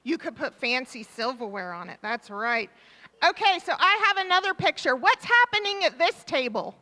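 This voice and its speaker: A woman leading a children's time in a church service, asking the children questions and warmly repeating their answers, speaking into a microphone in the sanctuary. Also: sits high, big pitch swings, normal speed. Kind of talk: interactive children's talk with questions. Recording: reverberant church hall.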